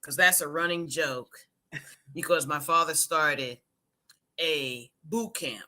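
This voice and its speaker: A woman co-hosting a live stream, telling a story in an animated way and laughing as she goes. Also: sits low, takes it slowly. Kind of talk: casual live-stream chat.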